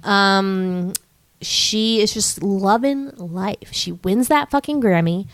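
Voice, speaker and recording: A woman's voice: mid-range voice, slow, dry recording. A young woman chats through a film recap on her podcast. She swears freely, laughs often and slips into short impressions of the characters. Her voice sits in an ordinary middle register, recorded close and dry with no room sound. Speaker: podcast co-host. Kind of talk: casual chat recapping a film.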